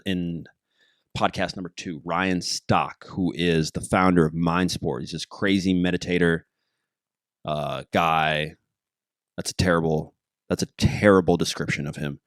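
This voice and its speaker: A man with a very low voice hosts a casual podcast, recorded close and dry. He jokes around, gets excited and keeps wandering off track. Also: moderate pace, no echo. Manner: excitable, jokey, easily sidetracked. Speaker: podcast host. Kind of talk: casual rambling podcast monologue.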